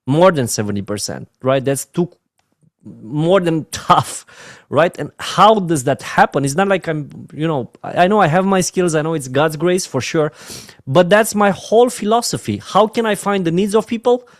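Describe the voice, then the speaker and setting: A man with a Romanian accent giving an earnest, emotional motivational training talk on network marketing, often dropping his voice to a soft "my friends". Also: a little high, lively intonation, normal speed, no echo, clean studio sound.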